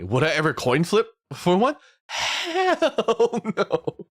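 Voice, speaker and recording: A man's voice: sits high, wildly swooping pitch, slow pace, no room sound, studio quality. A young man streaming as a VTuber, chatting casually and ranting, often swearing and acting out quoted people.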